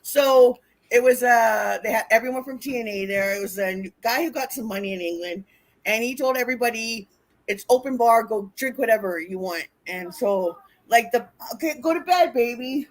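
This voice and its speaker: A woman telling wild road stories in casual chat, animated and profane, acting out what people said. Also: a little high, normal speed. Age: older. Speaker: wrestling interview guest. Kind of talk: casual storytelling.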